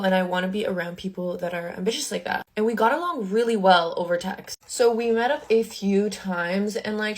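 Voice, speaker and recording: A young adult woman, a social media creator, telling a casual storytime from her bedroom makeup table, chatty and full of "like" with indignant asides. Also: mid-range voice.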